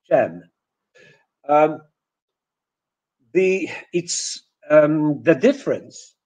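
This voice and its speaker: A man teaching pronunciation in a webinar, repeating example words one by one with frequent pauses and self-corrections. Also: high voice, darkish tone, poor audio. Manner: repeats example words slowly to demonstrate sounds. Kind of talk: webinar lesson.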